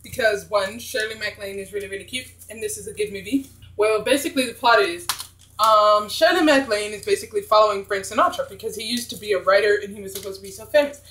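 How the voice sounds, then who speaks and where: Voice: mid-range voice, quick pace, sharp tone, slight background noise. Young, chatty movie vlogger in a roomy space. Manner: chatty, rambling, blunt. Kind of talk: casual movie-review vlog.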